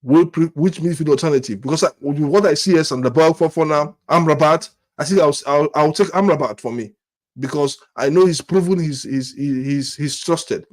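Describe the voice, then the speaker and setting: A man with a voice on the high side, speaking at normal speed, hosts a football fan channel and rants to camera in angry disappointment. He keeps repeating and restarting his words with stammers and fires off exasperated rhetorical questions.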